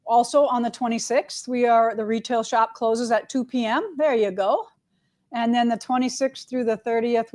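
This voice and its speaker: A woman's voice: a little high, darkish tone. Chatty, upbeat woman shop host. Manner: chatty and upbeat, lots of "all right" and "right?". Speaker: quilt shop owner hosting a live show. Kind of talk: casual live-stream chat with announcements.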